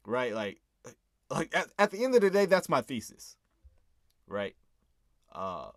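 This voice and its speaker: A man's voice: fairly high pitch, very animated, unhurried, long pauses, dry recording. Earnest man in a dry room. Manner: earnest, keeps asking "right?", chuckles. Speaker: host and rapper breaking down his own song. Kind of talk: casual commentary.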